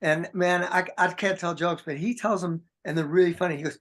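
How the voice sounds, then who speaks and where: A man's voice: high voice, steady tone, brisk, fairly bright tone. A man being interviewed as a guest musician, telling a long anecdote in a rambling way with many restarts. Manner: rambling, many restarts, acts out quoted voices. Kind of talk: casual storytelling.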